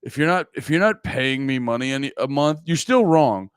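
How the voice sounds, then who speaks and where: A man's voice: mid-range voice, expressive, moderate pace, smooth, no room sound, studio quality. A man streaming live, chatting casually and brashly teasing his viewers, swearing often. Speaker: livestreamer. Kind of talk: casual livestream chat. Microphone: close desk mic.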